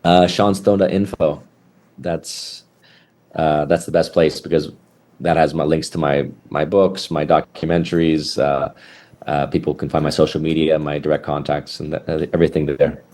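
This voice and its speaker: A man's voice: extremely low pitch, little pitch movement, moderate pace, darkish tone. A man who is a guest on a podcast, talking earnestly in casual chat with many hesitations. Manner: earnest, hesitant, restarts often.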